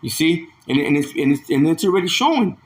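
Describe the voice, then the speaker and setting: A man teaching from the Bible in a loose, conversational way, with a voice sitting a touch higher than most. He reads verses slowly and keeps breaking in with "man," "okay" and "see." He often repeats himself as he works through a point. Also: animated. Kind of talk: informal scripture teaching.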